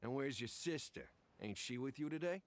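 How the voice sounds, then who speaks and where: An actor playing a menacing adult mafia thug in a video game, using a put-on New Jersey accent. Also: male voice, mid-range voice, animated, normal speed, noisy background, lightly acted. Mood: threatening. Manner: menacing, pushy.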